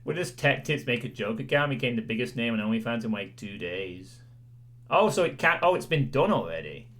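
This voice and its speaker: A man's voice: mid-range voice, animated, brisk, a bit bright. A male streamer chatting casually with his audience, rambling and self-deprecating, with lots of "you know"s. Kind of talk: casual chat with a livestream audience.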